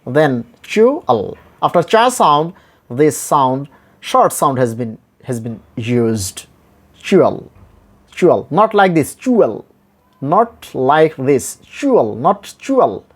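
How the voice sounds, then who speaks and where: A man teaching English pronunciation, spelling words out letter by letter and repeating each one with careful, drawn-out syllables. His first language is Bengali. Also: medium pitch, sing-song. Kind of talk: slow, deliberate pronunciation lesson.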